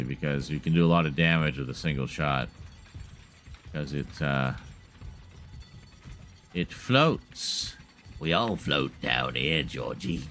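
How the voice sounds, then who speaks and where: Low-voiced man streaming a horror game. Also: fairly bright tone. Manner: chatty and wry, swearing lightly and laughing at himself. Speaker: gaming streamer. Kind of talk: casual live gameplay commentary.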